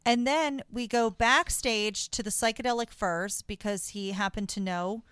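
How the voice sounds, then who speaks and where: Woman, podcast host, excitable, gushing, casual chat, fairly high voice, dry close sound. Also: measured pace, smooth, dry recording.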